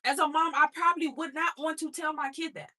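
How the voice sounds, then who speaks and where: A woman's voice: sits high, steady tone, brisk, bright, forceful tone. An adult woman and mother telling her own story in a blunt, streetwise motivational talk, speaking straight to her listeners.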